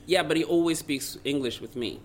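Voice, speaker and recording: A man in his thirties from Sweden, a comic and radio host, chatting casually with wry, deadpan teasing. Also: on the high side, a little fast, a little hiss or hum. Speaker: guest comedian and radio host. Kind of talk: casual chat.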